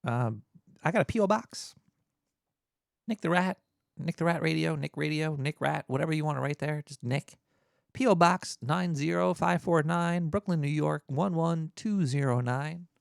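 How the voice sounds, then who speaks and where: A man hosting his own talk show, rambling along in a laid-back, halting way with plenty of ums and uhs. His voice sits a little high for a man and has a gravelly fry running through it, heard close and dry. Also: no room sound. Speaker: podcast host. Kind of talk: casual rambling radio talk.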